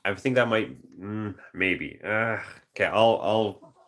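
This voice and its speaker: A man painter chatting casually on a live stream, musing aloud over viewer suggestions and slipping into quick movie-quote voices. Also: lowish voice, fairly bright tone, a little hiss or hum. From Canada.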